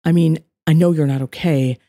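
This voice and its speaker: A woman narrator plays an earnest young man, urgent and reassuring. The voice stays low and dark in a dry recording. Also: steady tone, moderate pace, no room sound. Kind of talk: audiobook character voice.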